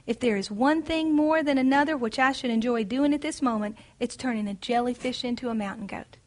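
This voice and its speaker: A woman's voice: a little high, fairly quick, a little mellow, close to an everyday voice. A woman voicing a kindly male shepherd who speaks cheerfully and reassuringly as she reads his lines from a book. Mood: playful.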